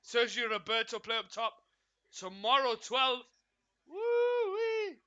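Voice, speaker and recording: A man's voice: very high-pitched, fairly even intonation, measured pace, sharp tone, clean tone, muffled recording. A man hosting a live football watchalong, chatting to his viewers by name and calling out the team news with hype. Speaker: watchalong host.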